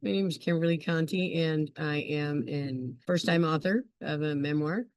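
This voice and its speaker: A woman's voice: sits low, normal speed. A woman in her forties, a guest on an interview, telling her own story in a rambling, chatty way. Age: 40s. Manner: rambling and chatty, full of "you know" and "I'm like". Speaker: interview guest, memoir author. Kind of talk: candid personal storytelling.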